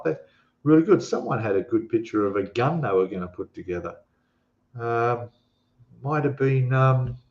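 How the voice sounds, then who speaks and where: A man's voice: on the low side, a little mellow. A man with an Australian accent, hosting a live stream and chatting casually with viewers, rambling with lots of fillers and restarts. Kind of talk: casual live stream chat reading comments. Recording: echoey room, dull lo-fi sound.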